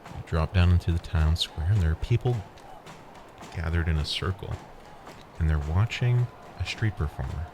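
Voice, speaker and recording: A podcast host with a low-sitting voice talks at a moderate pace over background noise. In a casual monologue, he playfully meanders and guides listeners through a scene he's imagining.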